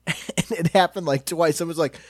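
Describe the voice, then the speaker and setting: A podcast co-host chats casually, giggling often and telling stories with quoted voices. The voice sits at a middle pitch. The recording is dry, with no room sound. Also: normal speed, no echo. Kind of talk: casual comedic chat.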